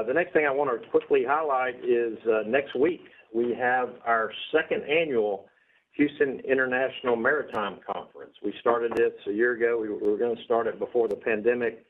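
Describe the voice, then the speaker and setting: A man presenting a business report at a meeting, steady and businesslike. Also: medium pitch. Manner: steady, businesslike, figure-heavy. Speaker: port executive giving a report. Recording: tinny phone-like broadcast audio.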